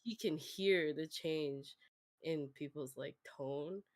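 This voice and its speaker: Slow-talking, giggly woman streamer. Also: low-pitched, darkish tone. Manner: laughs often, halting restarts. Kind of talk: casual chat with a guest.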